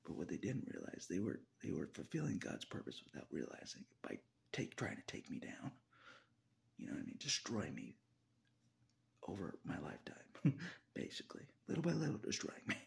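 A man's voice: low-pitched, wildly swooping pitch, brisk, vocal fry. A man talking in a casual confessional vlog monologue, laughing often, swearing, and sometimes dropping into a whisper. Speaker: video blogger.

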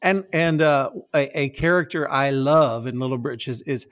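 A middle-aged man hosting a podcast, with a slightly high voice. He talks in a loose, animated way, laughs easily and drops into goofy character voices. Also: a little slow. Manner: animated, laughs often, slips into silly voices. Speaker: podcast host. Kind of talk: casual podcast chat.

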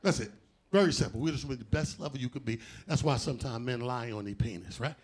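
A man doing a live stand-up set, loud and animated, shouting out punchlines and acting out other people's voices. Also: medium pitch, quick pace. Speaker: stand-up comedian. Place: theater stage before a live audience.

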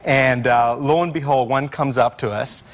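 A man's voice: mid-range voice, normal speed. A male scientist guest on a late-night talk show, telling stories with lots of fillers and restarts. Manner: animated storyteller, fillers and restarts.

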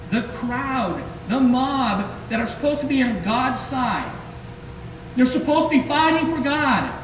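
Male preacher, unhurried, lively storytelling delivery; distant noisy mic in a reverberant room. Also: extremely high pitch. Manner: lively storytelling, acting out quoted voices. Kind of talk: sermon. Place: church sanctuary. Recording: echoey hall from far off, noisy.

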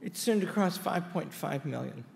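A man's voice: on the high side, lively intonation, normal speed, vocal fry, background noise. A man, a college president, giving an anniversary speech to an audience in a large hall, telling folksy stories with wry asides. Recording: hall reverb with faint ambience.

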